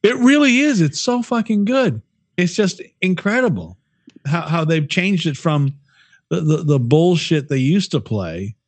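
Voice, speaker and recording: A man's voice: fairly high pitch, very animated, a little slow, dry recording. A man co-hosting a podcast in casual, profane, rambling chat, often laughing. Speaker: podcast co-host.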